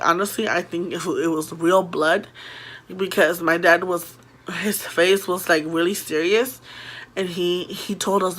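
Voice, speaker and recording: Bright-voiced woman telling a story. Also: lowish voice. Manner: animated, filler-heavy retelling with quoted voices. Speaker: vlogger. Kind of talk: casual storytelling to camera.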